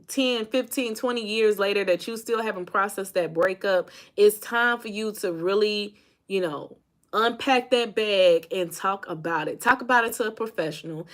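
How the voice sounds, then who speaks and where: A woman's voice: medium pitch, fairly bright tone. A woman from Indiana, a life coach, giving an emphatic, casual motivational talk to her viewers, repeating phrases and calling them y'all.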